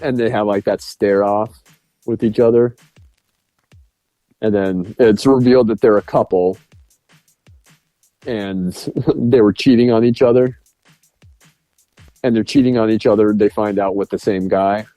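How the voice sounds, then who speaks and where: A man's voice: on the low side, fairly even intonation, a little slow, long pauses, dark tone, no echo, muffled recording, faint music behind. A man co-hosting a podcast, rambling through movie scenes in casual chat with lots of fillers. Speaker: podcast co-host. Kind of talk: casual film review chat.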